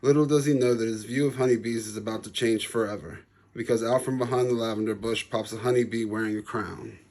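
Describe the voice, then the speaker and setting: A man, the author, reading his children's storybook aloud in a calm, even storytelling manner. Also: fairly low pitch, quick pace.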